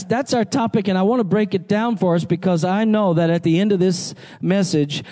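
Male pastor, animated sermon, high pitch, mellow tone. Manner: animated preaching, calls to the congregation.

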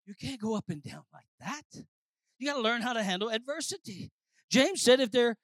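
A preacher delivering a sermon, swinging between shouted declarations and low, quiet lines, calling out to the congregation. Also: animated, normal speed, dry recording. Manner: calls out to the congregation.

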